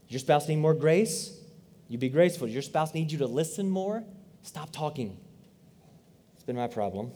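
A man's voice: a little high, animated, normal speed, pauses often, warm tone, slight background noise. A man in his thirties preaching a sermon, earnest and conversational, with frequent asides to the congregation. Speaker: pastor.

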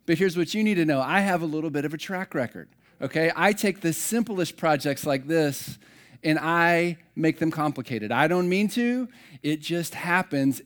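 A man in his thirties, a campus pastor, telling a funny, self-deprecating story to open his sermon. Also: fairly high pitch. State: slightly out of breath at start. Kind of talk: humorous sermon opening.

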